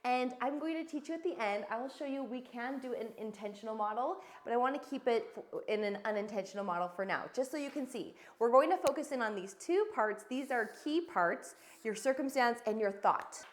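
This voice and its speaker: A woman in her thirties teaching as a coach, with a slightly high voice. She talks in a casual, earnest and encouraging way, acting out her examples. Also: animated, a little fast, hardly any pauses, a little hiss or hum.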